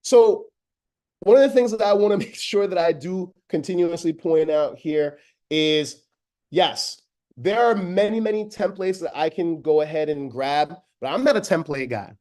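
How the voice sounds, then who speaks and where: A high-energy man with a Jamaican accent runs an online teacher training, chatty and eager, calling his listeners friends. His voice sits on the higher side for a man. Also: normal speed, darkish tone. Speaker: educator giving an online training. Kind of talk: energetic webinar demo.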